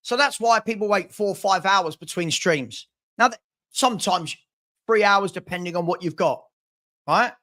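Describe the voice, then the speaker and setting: A man's voice: high voice, normal speed, pushed and bright. A man hosting a football channel, venting on a live stream with stammering restarts and repeated phrases. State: frustrated.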